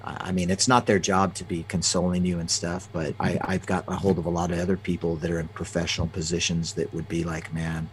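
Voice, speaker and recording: A man's voice: low-pitched, flat delivery. A man, a guest in an interview, telling personal stories with many restarts and fillers. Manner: halting, frequent restarts and fillers. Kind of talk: conversational storytelling.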